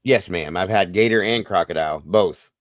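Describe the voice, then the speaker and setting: Deep voiced guy hosting a chill livestream, folksy storyteller, dry close sound. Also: moderate pace, dry recording. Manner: folksy storyteller, swears casually, calls viewers folks. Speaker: host. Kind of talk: casual livestream chat.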